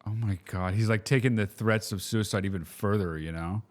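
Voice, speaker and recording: A man's voice: on the low side, a little fast. A man hosting a podcast, reacting bluntly and sarcastically in casual chat. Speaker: podcast host.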